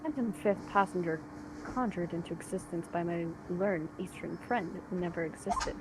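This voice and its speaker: A woman's voice: on the low side, normal speed, heavy background noise, lightly acted. A woman voicing a haughty male prosecutor in a courtroom game, reading stiffly.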